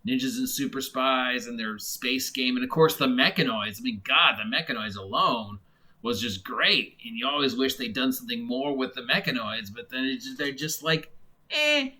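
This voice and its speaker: A man's voice: mid-range voice, moderate pace, pushed and bright. A man giving a casual, rambling monologue as a game reviewer, full of fillers and restarts. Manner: mock voices when imitating others.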